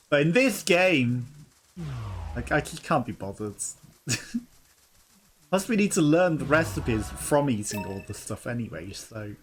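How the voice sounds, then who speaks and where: A man's voice: medium pitch, sing-song, slow pace, pauses often. A young man hosting a let's play, chatting casually, laughing and reading game dialogue aloud. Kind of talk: casual gameplay commentary. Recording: game music behind.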